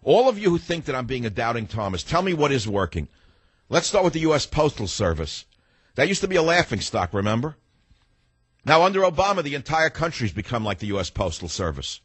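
Ranting husky older talk radio man. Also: mid-range voice, sing-song, brisk, fairly bright tone, no echo. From United States. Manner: combative, ranting, swings to reflective. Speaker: radio talk show host. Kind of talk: angry talk radio monologue.

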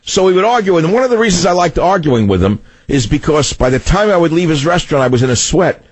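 Loud combative New York radio host. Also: male voice, fairly high pitch, very animated, fast, husky, no room sound. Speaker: radio talk show host. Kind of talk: talk radio monologue.

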